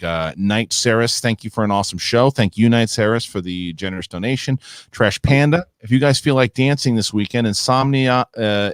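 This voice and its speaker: A man's voice: fairly low pitch, no room sound, studio quality. A man hosting a live stream, casually reading viewer comments and thanking them. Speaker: host.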